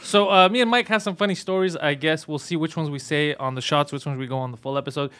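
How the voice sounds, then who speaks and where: A man hosting a podcast, joking and reacting quickly in casual chat. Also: fairly high pitch, fairly bright tone, clear, resonant tone. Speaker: podcast host.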